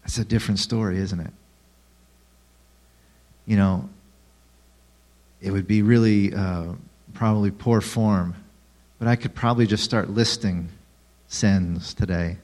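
A man's voice: lowish voice, fairly even intonation, unhurried, pauses often, a little mellow. Man preaching with rhetorical questions. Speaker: pastor. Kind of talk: sermon.

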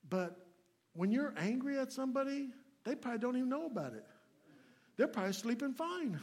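Speaking in a very high voice, a guest preacher delivers a folksy, plainspoken sermon. He swings between loud, emphatic points and hushed asides.

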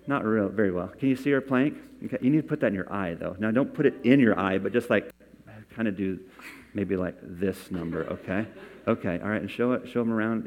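A man preaching a sermon as pastor in a church, talking conversationally and coaxing volunteers from the congregation. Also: lowish voice. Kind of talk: sermon with scripture reading. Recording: long reverb from a large hall.

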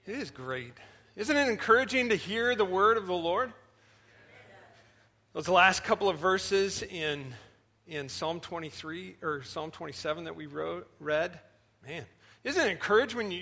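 A man, the senior pastor, preaching a sermon with animated storytelling that swings between loud and soft. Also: high voice, moderate pace.

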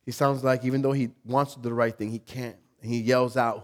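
Male pastor, sermon delivery, animated and expressive, acts out inner voices, mid-range pitch. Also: a little fast, few pauses. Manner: repeats words and restarts, laughs with the congregation.

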